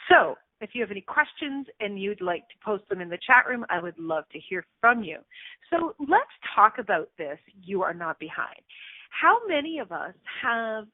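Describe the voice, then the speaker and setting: A woman's voice: medium pitch, sing-song, moderate pace, no room sound, phone-quality sound. A woman hosting a self-help radio show, talking expressively and acting out anxious inner voices.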